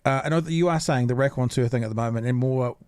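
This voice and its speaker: A man's voice: medium pitch, fast, a little mellow, clear, resonant tone, no room sound. A man hosting a casual podcast interview, asking long rambling questions. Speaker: podcast host.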